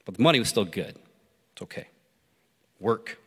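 A man preaching through a story, pausing to ask listeners reflective questions. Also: lowish voice, animated, fairly bright tone, slightly rough. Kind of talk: sermon told as a story. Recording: long hall reverb.

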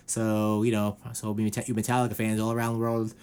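A man hosting a casual podcast, rambling with lots of fillers and quick put-on quotes. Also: fairly low pitch, little pitch movement, darkish tone, clean tone. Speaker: podcast host.

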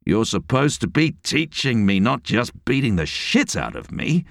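A man's voice: mid-range voice, very animated, measured pace, creaky, no room sound, studio quality, voice pushed up. A man voicing a brash young male detective from Essex, cheeky and complaining.

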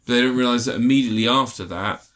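A man's voice: medium pitch, very fast, a bit bright. Rambling man in casual chat. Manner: rambling, hesitant, with many restarts and fillers. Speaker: podcast co-host reviewing a film.

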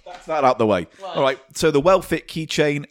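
Sardonic british man, lively voice. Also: on the high side, moderate pace. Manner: sardonic, crude banter. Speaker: podcast co-host. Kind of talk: casual comedic chat.

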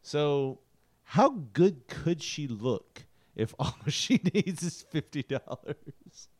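Slow, lively-pitched male co-host, laughs a lot. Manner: laughs constantly, animated storytelling. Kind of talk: casual comedic chat.

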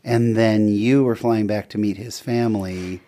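Lively, encouraging middle-aged male host. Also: fairly low pitch, measured pace. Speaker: interview host. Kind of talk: casual interview chat.

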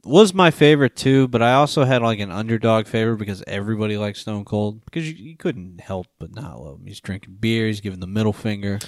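A man in his thirties hosts a relaxed movie podcast, joking around and trailing off into fillers. His voice sits on the low side. The sound is dry and close. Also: fast talker, few pauses, dry recording. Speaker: podcast host. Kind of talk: casual movie podcast chat.

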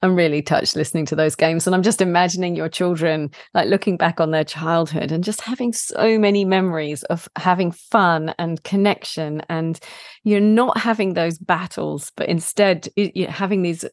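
A woman hosting a podcast who responds in a warm, reflective and affirming way. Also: on the low side, normal speed, no echo. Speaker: podcast host. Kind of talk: casual podcast conversation.

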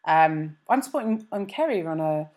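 A woman's voice: low voice, moderate pace. Easygoing woman co-host, meandering delivery, lots of ums. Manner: relaxed, meandering, hesitant with ums. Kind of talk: casual chat.

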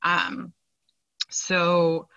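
A woman's voice: on the low side, completely flat delivery, very slow, gravelly, pushed and bright, no room sound, muffled recording. A woman co-hosting a podcast, recapping a TV episode in casual chat, with many fillers and sarcastic asides. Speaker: podcast co-host.

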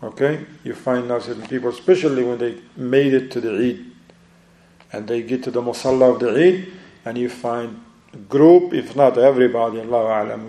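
A man's voice: medium pitch, gravelly, dark tone, echoey room. A man teaching a religious book study, explaining step by step, checking in with his listeners, and mixing Arabic phrases into non-native English. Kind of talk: religious lesson.

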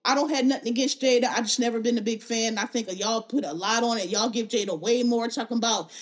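A woman talks on her podcast with a fairly high voice. She delivers opinions in a blunt, emphatic way, swearing freely as she gets heated. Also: quick pace. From Philadelphia. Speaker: podcast host.

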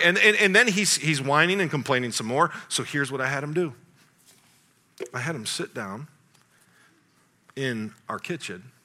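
Forceful, bright-voiced preacher man. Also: a little high, normal speed. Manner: lively storytelling, acting out dialogue; swings between loud excitement and quiet asides. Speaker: pastor. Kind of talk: sermon with a family story.

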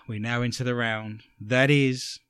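A man with an English accent hosting a comedic radio show, telling stories with sarcastic, animated delivery. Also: medium pitch, slow pace, smooth, dry recording. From England. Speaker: radio host.

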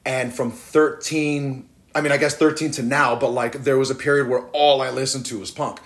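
A man's voice: medium pitch, moderate pace. A man in his thirties, a rapper as guest, telling stories in a casual interview and acting out the voices of the people he quotes. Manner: animated, acts out quoted voices.

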